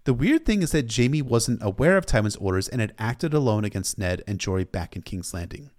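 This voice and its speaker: A man tells the story of a novel in his own words, in a casual and animated way. His voice sits low, but it rises and falls a lot as he breaks off to react to what happens. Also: fairly quick. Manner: animated, emotional asides. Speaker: book recap narrator.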